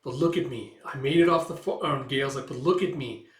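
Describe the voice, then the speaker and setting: A man's voice: medium pitch, fairly quick, roomy sound. A man reading through a comic book aloud in a casual, loose way, paraphrasing the dialogue with fillers.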